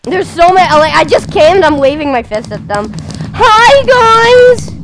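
A young woman chatting while playing a game, goofy and silly, often shouting and mooing. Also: high voice, expressive, brisk, background noise. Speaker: gamer. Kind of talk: casual gaming chat.

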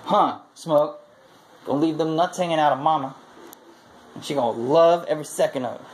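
A man's voice: on the high side, fairly quick, slight background noise, poor audio. A man chatting crudely and joking while playing with his cat at home. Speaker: cat owner. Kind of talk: casual home video chat.

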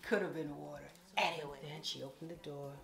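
A woman from an island, telling a casual storytime with playful, animated asides. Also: deep voice, brisk, vocal fry, a crowd in the background. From Caribbean island. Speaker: vlogger. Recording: echoey room.

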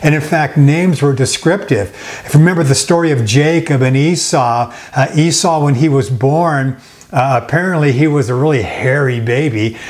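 A male pastor preaching a sermon, slowing down for emphatic repeated phrases, with frequent fillers. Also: fairly high pitch.

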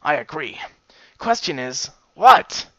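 A man voicing a bold, blunt female pegasus explorer in a storybook reading, pitching his voice up and speaking in clipped lines. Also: big pitch swings, slow pace, bright, forceful tone, dry recording, lo-fi sound, exaggerated voice. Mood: determined.

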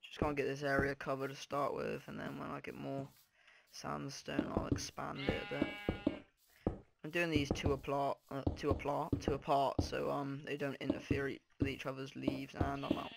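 Gravelly young man muttering over gameplay. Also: medium pitch. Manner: mumbling to himself while playing, trailing off. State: groggy morning voice. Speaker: gaming video host. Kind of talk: casual gameplay commentary. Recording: loud background noise over the voice.

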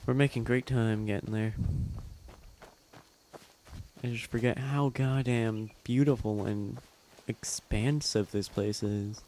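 Swearing gamer talking to characters. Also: male voice, fairly low pitch, fairly even intonation, a little slow, dark tone, slight background noise. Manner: swears freely, chats with game characters. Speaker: gameplay commentator. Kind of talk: casual let's-play commentary.

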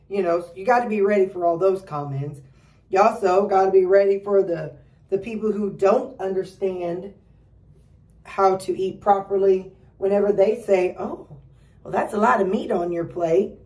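A woman's voice: normal speed, darkish tone, recorded from a distance. A middle-aged woman giving a rambling, casual pep talk to her viewers, full of fillers and restarts. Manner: acts out quoted relatives in a higher voice. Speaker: weight-loss vlogger.

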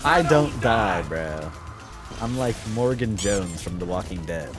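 A man's voice: sits low, animated, unhurried, soft background music. A man teasing and laughing with friends over game voice chat. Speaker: gamer and co-host. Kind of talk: casual gaming banter.

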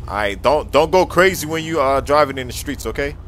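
A man playing a nervous dad in a game role-play skit who stammers and yells in panic. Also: mid-range voice, expressive, a little fast, a little hiss or hum.

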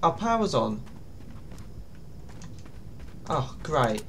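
A man's voice: fairly high pitch, big pitch swings, drawn-out words, a bit bright, slight background noise. A man giving nervous, jumpy commentary while playing a horror game. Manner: jumpy, nervous, often pleading to himself. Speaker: gaming YouTuber.

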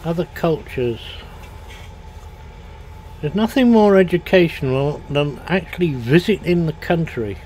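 A man's voice: fairly high pitch, expressive, unhurried, long pauses, a little mellow, slight background noise. An older man, chatting casually and telling rambling stories while he streams a farming game.

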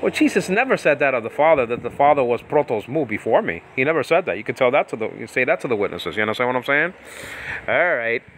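A man's voice: mid-range voice, very animated, fast, a bit bright, a little hiss or hum. A man teaching Bible Greek in a loose, rambling way, breaking off into tangents and laughing. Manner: rambling, self-interrupting, laughs often. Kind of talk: casual teaching talk with tangents.

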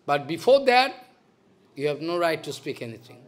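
A man's voice: on the high side, big pitch swings, moderate pace. A man, a spiritual teacher giving a devotional lecture in a stern, scolding manner, repeating his points. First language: Bengali.

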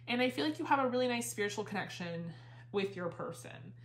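A woman with a slightly high voice and lively intonation speaks fairly quickly through a tarot reading, rambling loosely with plenty of fillers and casual swearing. She sounds a little out of breath the whole time, and the room gives the recording a noticeable echo.

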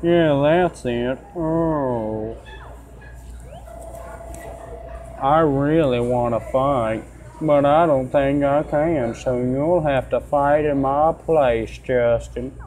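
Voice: mid-range voice, slow pace, a little mellow, slight background noise, close to an everyday voice, rough recording. A player voicing a folksy, swaggering cowboy fossil-fighting champion with a put-on country twang. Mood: groaning.

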